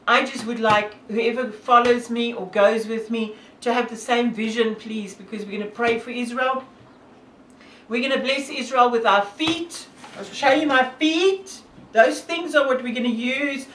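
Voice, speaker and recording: A woman's voice: a little high, fairly bright tone, reverberant, far from the mic, a little hiss or hum, low-quality recording. A woman from South Africa with a South African accent, talking earnestly and devoutly to camera with many fillers. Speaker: hiker and vlogger. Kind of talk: casual talk to camera.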